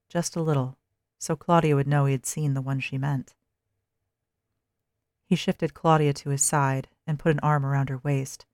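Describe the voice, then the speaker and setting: A narrator reading a dark story in a steady, measured way. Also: mid-range voice, dry recording, studio quality.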